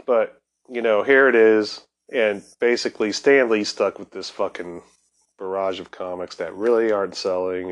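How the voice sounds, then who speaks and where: A man hosting a casual podcast, telling comics history in a loose, profane, excitable way that is often broken by laughter. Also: lowish voice. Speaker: podcast host.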